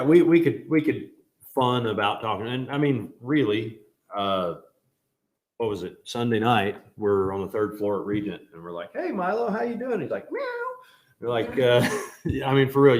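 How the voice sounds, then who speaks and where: A man teaching a Bible class in a casual, joking way, telling animated stories. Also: medium pitch, echoey room.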